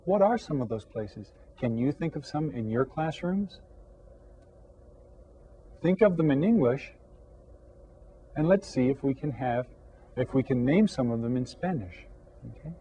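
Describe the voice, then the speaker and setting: A man teaching a recorded Spanish lesson to children, patiently explaining and slowly drawing out each new word. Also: medium pitch, animated, dark tone, highs cut off, slight background noise. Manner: slow, drawn-out modeling of Spanish words. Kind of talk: televised classroom lesson for children.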